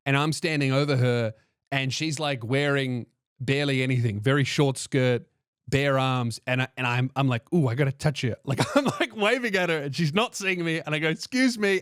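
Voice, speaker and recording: Excitable man telling a wild story. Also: no room sound, studio quality. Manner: excitable, swears freely, acts out quotes in a higher voice. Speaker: comedian podcast host. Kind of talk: animated storytelling.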